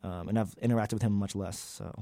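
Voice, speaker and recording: A man's voice: on the low side, fairly even intonation, a little fast, creaky, dark tone, no echo. A young man, a graduate student, talking candidly in an interview, with many fillers and loose, rambling sentences. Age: young adult.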